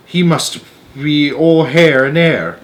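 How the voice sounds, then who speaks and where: Man reading as a keen young storybook boy, a bit higher than normal. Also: slow. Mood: delighted. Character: brave young boy, eager and quick.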